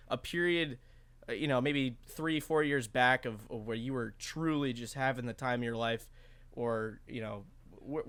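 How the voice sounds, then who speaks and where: A man's voice: medium pitch, fairly bright tone. A young man hosting a podcast, chatty, full of fillers, who laughs easily. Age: young adult. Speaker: podcast host. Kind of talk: casual podcast interview.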